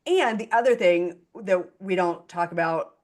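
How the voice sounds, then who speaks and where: A woman co-hosts a podcast with a slightly low voice. She talks in an animated, casual way, tossing in quick asides and easy laughter. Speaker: podcast co-host. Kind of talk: casual interview chat.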